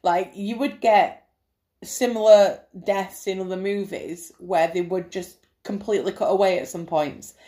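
Woman co-host, lively horror-movie chat, mid-pitched. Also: a little slow. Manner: enthusiastic, laughs often, swears casually. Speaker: podcast co-host. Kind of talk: casual film review chat.

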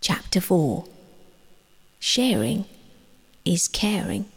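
Woman narrating a husky sleep story. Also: fairly low pitch, sing-song. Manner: gentle, slow, drifting into whispers. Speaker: storyteller and author.

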